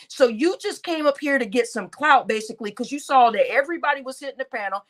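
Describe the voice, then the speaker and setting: A woman with a slightly high voice rants to her viewers in a loose, profane way. She tells the story in an animated style and keeps speaking directly to the audience. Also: fast, few pauses. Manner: talks straight to her audience as y'all. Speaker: channel host. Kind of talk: casual venting to viewers.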